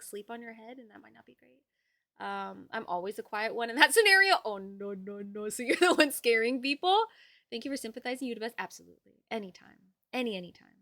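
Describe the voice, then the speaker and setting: A woman's voice: on the high side, bright, forceful tone, no echo. A young woman hosting a livestream, chatting casually and reading out viewer messages with hyped, bubbly energy. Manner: bubbly, hyped, reads chat aloud. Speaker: livestream host.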